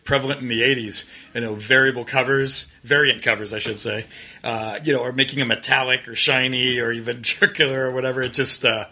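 Husky, very bright-toned man. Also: medium pitch, a little fast. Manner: relaxed, agreeable, trails off with fillers. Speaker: podcast co-host. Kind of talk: casual chat.

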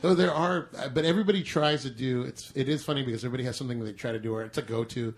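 A man's voice: mid-range voice, very fast. Rambling male podcast host. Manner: rambling, self-mocking. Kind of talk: casual podcast chat.

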